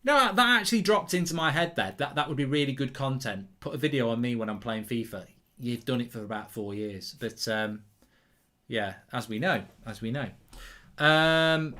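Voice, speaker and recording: A man's voice: mid-range voice, normal speed, bright, forceful tone. Rambling man hosting a live stream. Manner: rambling, self-mocking, with frequent restarts. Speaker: football watchalong host. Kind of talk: casual live-stream chat reading viewer comments.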